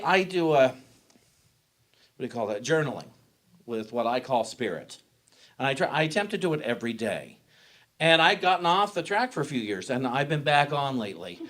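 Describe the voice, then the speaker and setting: A man's voice: on the high side, a bit bright. A man giving a sermon as pastor, talking in a personal, conversational way and often restarting his sentences. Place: church sanctuary.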